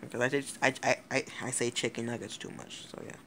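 A man's voice: mid-range voice, level tone, fast talker, creaky, a bit bright, slight background noise. A teenage boy rambling through a casual vlog, giggling often, swearing and cutting himself off mid-thought. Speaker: YouTuber.

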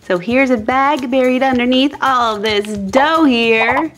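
A woman's voice: sits high, unhurried, a bit bright, faint music behind. Bubbly woman hosting a kids' toy show. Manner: bubbly, sing-song. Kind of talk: toy unboxing narration for kids. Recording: noisy home recording.

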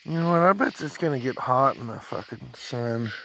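A man's voice: medium pitch, lively intonation, normal speed, gravelly, pushed and bright, highs cut off, a little hiss or hum. A man streaming casually from his yard at night, rambling and swearing freely as he chats. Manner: rambling, profane, laughs often. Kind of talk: casual livestream chat.

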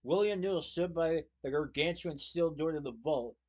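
A man reading a children's novel aloud in a plain, steady storytelling manner. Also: fairly high pitch, normal speed. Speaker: reader.

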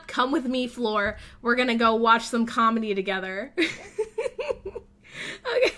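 Woman, let's play host, gushing gameplay commentary, bright crisp voice, a bit high, rambling. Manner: excitable, gasping and squealing with delight; chatty, rambling thinking aloud.

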